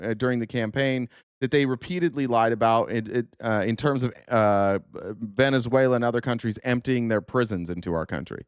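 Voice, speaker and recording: A man's voice: mid-range voice, clear, resonant tone, dry recording, studio quality. A man hosting a live political commentary stream, ranting at his chat in a heated, profane and sarcastic way.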